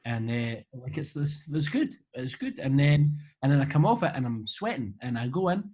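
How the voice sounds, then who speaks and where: Over a webcam video call, a Scottish guest rambles through fan questions, cracking jokes at his own expense in a casual interview chat. His mid-range voice is husky and darkish, with big pitch swings and a moderate pace. Audio quality is poor.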